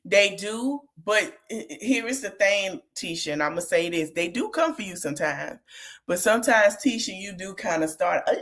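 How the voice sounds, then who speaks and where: A woman's voice: medium pitch, moderate pace. A woman hosting a casual podcast, retelling a reality show argument and talking back to the people in it. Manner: animated, retells quotes, talks back to the people on screen. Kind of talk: casual recap chat.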